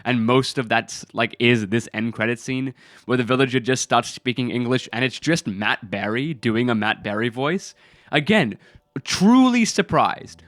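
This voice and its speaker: A man's voice: medium pitch, fairly bright tone, no room sound. A man giving casual film commentary in a rambling, incredulous way, with many fillers. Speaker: film review video creator.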